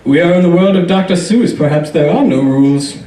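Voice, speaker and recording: A ferocious tiny theater director, all slow, intense deliberation, as a comedian puts her on. The voice sits higher than usual and comes across a roomy club from a distant mic. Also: dark tone, lightly acted. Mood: playful.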